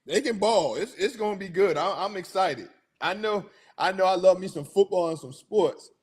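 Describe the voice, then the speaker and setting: A man's voice: high-pitched, moderate pace, darkish tone, husky. A middle-aged man hosting a casual sports talk show, chatty and hyped, laughing often.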